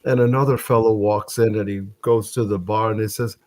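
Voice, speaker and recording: Halting male radio panelist telling a joke. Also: fairly low pitch, fairly even intonation, a little mellow, dry recording. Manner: halting, repeats words when starting. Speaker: panel guest.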